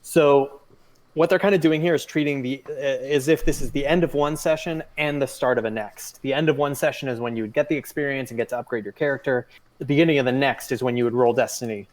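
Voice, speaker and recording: A man's voice: mid-range voice, quick pace. A man as game master, patiently and methodically explaining rules over voice chat, with frequent fillers.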